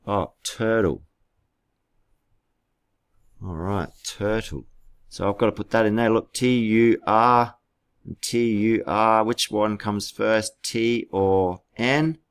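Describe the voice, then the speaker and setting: A man's voice: lowish voice, steady tone, slow, pauses often, smooth. A man teaching a class through a screen-recorded tutorial, patient and spelling words out letter by letter, with keyboard clicks behind him.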